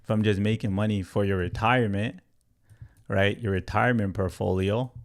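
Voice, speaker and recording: A crypto trading educator in his thirties talks casually and animatedly to his livestream chat, adding "right?" and "you guys" to nearly every line. His voice is lowish and steady, at a normal speed.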